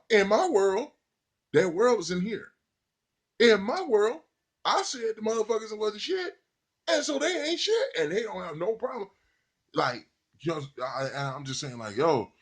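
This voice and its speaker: A man giving a casual, rambling, profane monologue, voice jumping high when he mimics other people. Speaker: podcaster.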